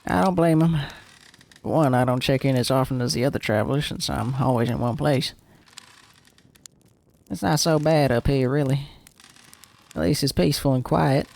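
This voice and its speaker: A man's voice: medium pitch, moderate pace, gravelly, pauses often, darkish tone, close to an everyday voice. A man doing a drawling lonely moon lookout. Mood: wry. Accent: put-on rural drawl. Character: lonely alien lookout keeper on a moon, wry. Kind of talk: reading game dialogue aloud.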